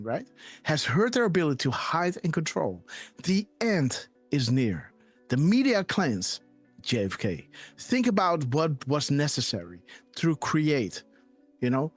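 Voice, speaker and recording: A man hosting a live decode show, with a voice that sits a little high and swings up and down a lot. He keeps checking in with his listeners, and faint music plays underneath him. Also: breathy edge. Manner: animated, repeats "right?" and "guys". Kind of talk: conspiracy decode commentary.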